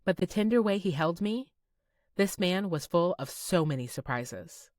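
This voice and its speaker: A woman reading a first-person romance audiobook in a soft, dreamy manner, close to the mic. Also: on the low side, lively intonation, normal speed, dry recording. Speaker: audiobook narrator. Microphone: close studio mic.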